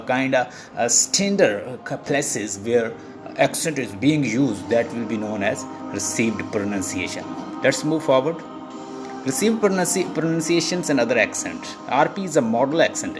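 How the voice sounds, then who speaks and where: A man delivers an online lecture as a teacher. He circles back over his points and fills his pauses with "uh" and "you know". Music plays clearly behind his voice. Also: medium pitch. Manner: explains by repeating points, with many fillers like uh and you know. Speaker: English teacher.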